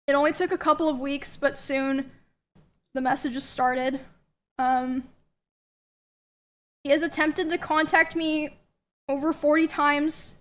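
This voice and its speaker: High, flat-voiced woman reading a statement. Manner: measured, hesitant with fillers.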